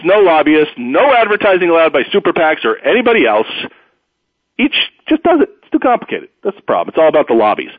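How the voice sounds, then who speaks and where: Male talk radio host, fairly high and very lively pitch, opinionated rambler; dry, tinny phone-line sound. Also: dry recording. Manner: rambling, opinionated, animated storyteller. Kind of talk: sports talk radio monologue.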